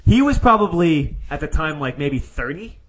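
Animated New guy telling a story. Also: on the high side, moderate pace. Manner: animated, rambling storyteller with many "like" fillers. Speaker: podcast co-host. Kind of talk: casual storytelling chat.

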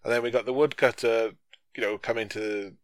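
A man's voice: medium pitch, fairly even intonation, fairly quick, no room sound. A man in a casual film discussion, talking in a hesitant, wry, slangy way.

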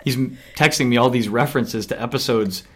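A man co-hosting a casual podcast chat, teasing and animated. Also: mid-range voice, a little fast. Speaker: podcast co-host.

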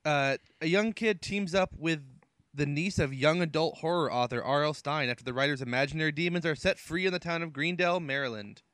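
A man co-hosting a casual movie podcast, listing films in a laid-back way and slipping in deadpan jokes. His voice sits a bit high. The sound is dry and close. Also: brisk, no room sound.

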